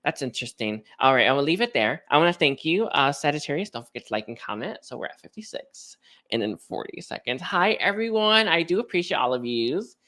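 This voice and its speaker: Bright-voiced man doing a chatty reading. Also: on the high side, expressive, brisk. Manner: rambling, chatty, many fillers and restarts. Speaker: spiritual card reader. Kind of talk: casual live reading.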